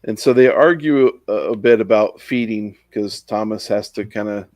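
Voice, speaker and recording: A man's voice: on the low side, normal speed, a little mellow, dry recording. A man in casual book-discussion chat, recapping the plot with fillers and quoted dialogue.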